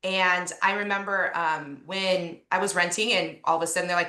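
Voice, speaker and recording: A woman's voice: fairly low pitch, steady tone, moderate pace, sharp tone, roomy sound. A woman real estate agent on a video call, telling a personal story in a heartfelt, chatty way with many fillers.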